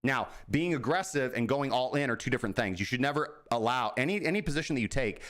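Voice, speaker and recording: A man's voice: medium pitch, lively intonation, quick pace, a bit bright, slight background noise. Male crypto show host, casual and profane, rambling and self-deprecating. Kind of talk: casual market commentary.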